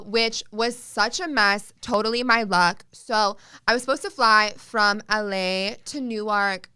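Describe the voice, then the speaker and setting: A woman's voice: medium pitch, pushed and bright, clean tone. A young woman from the Chicago area hosting a podcast, telling a story in casual, chatty talk full of "like" and swearing. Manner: chatty, swears freely, heavy use of "like". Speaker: podcast host.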